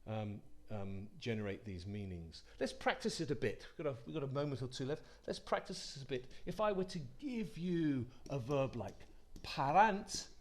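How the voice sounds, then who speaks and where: A man's voice: medium pitch, expressive, moderate pace. A man teaching a Latin lesson, patient and repetitive, inviting listeners to say the forms aloud with him. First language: English. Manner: patient, repeats phrases for pupils to say aloud. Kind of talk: classroom-style lesson.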